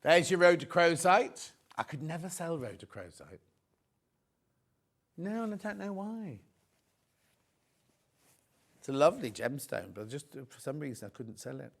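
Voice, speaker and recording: A middle-aged man presenting on live shopping TV, with a voice that sits fairly high for a man. He swings his pitch up and down a great deal. He is chatty and jokey and tends to wander off into stories. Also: sing-song, normal speed, gravelly, long pauses. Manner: chatty, jokey, rambling into anecdotes.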